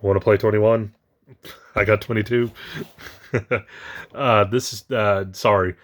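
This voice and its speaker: A man's voice: lowish voice, fairly even intonation, slow pace. A man chatting casually while unboxing collectible toys, rambling with many fillers, his voice shaky with emotion. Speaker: toy collector vlogger.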